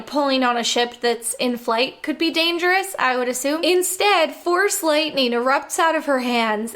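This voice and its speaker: A woman with a notably high voice picks apart a movie point by point. Her delivery is wry and sarcastic, loose and chatty, peppered with "like." It sounds like a casual countdown critique video. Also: a bit bright. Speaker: film critic.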